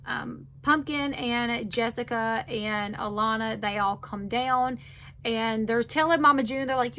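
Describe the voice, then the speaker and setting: A woman's voice: fairly high pitch, unhurried, sharp tone. Chatty woman recapping a show. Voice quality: chatty, loose retelling with many fillers. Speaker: recap host. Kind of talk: casual reality TV recap.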